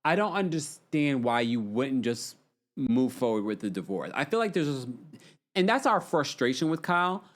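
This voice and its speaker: A man's voice: medium pitch, very animated, normal speed. A man hosting a casual livestream, chatting about reality TV and reading viewer comments aloud. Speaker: livestream host.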